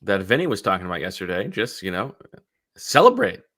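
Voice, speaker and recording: Chatting football and reading a host-read ad, this sports podcast co-host stumbles along with lots of fillers and restarts. He has a deep, a bit bright voice with big pitch swings. The audio is clean studio sound with no room sound.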